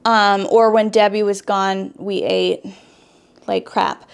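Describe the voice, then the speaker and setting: Slow and mid-range with little pitch movement, this woman's voice is gravelly yet smooth. She's a young Wisconsin beauty vlogger chatting through a personal story as she does her makeup, constantly saying "like" and restarting sentences.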